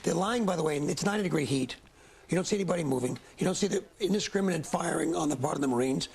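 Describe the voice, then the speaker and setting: A man's voice: on the high side, lively intonation, racing, gravelly, a little mellow, breathy edge. A man working as a military analyst, giving live news commentary in an emphatic, admiring way, with many restarts.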